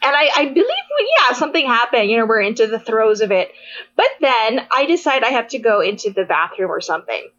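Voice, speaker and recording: A woman co-hosting a podcast, telling stories in a casual, animated way with frequent laughter. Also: a little high, a little fast, highs cut off. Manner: animated storytelling, squealing and laughing often. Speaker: podcast co-host. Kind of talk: casual chat.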